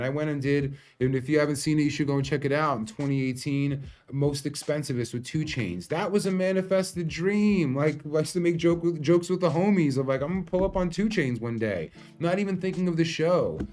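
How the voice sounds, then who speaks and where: A man's voice: fairly high pitch, brisk, darkish tone. A man, a company founder telling a candid, emotional story about his company's early days. He swears freely. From New York. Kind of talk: storytelling monologue.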